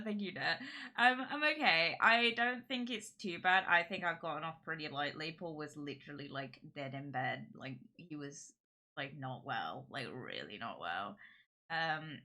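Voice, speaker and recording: A young woman talks to her live-stream viewers through a heavy cold. Her voice is bright and sharp but blocked and nasal. She rambles loosely, padding her sentences with fillers. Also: low-pitched. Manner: chatty and rambling, lots of "like" and "um". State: sick with a cold, congested.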